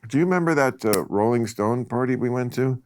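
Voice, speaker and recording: An older man hosts a relaxed podcast conversation, blunt and wry. His voice sits at a middle pitch, and he laughs easily between points. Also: brisk, slight background noise. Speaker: podcast host. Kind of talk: casual chat.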